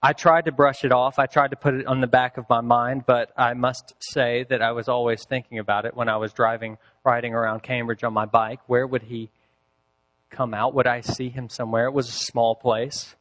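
A man preaching a sermon, telling a story with deliberate pacing and dramatic pauses. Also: mid-range voice, little pitch movement, a bit bright. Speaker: pastor.

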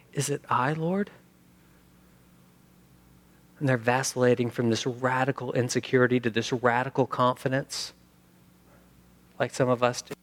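A male pastor preaching a sermon, animated, acting out the quoted lines with sudden shifts between loud and soft. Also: medium pitch. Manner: animated, acts out quotes, sings hymn lines.

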